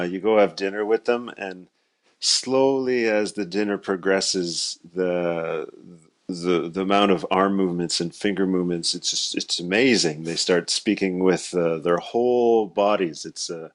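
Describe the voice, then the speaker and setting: Deep-voiced joking podcast host, a man. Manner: loose, joking, rambling with slang. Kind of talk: casual podcast chat.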